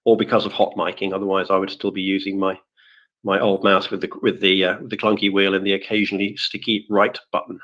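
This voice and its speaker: A man's voice: sits low, level tone, fast talker, fairly bright tone. A man in a casual live audio-room chat who rambles and corrects himself, with many fillers, speaking as a former office IT worker. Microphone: computer or phone mic in a live audio room. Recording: dull lo-fi online audio-room stream.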